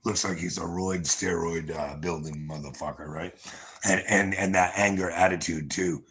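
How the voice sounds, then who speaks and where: A man's voice: low-pitched, fairly even intonation, normal speed, a bit bright. A man livestreaming, rambling through a profane, boastful rant and talking straight to his viewers, with chuckles between. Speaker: livestream host.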